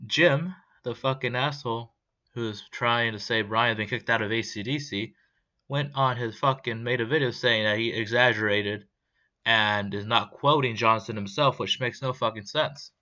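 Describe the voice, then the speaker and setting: A man's voice: mid-range voice, normal speed, pushed and bright. A young man ranting angrily in a vlog, swearing and rambling in a heated way. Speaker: vlogger. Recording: dull lo-fi sound.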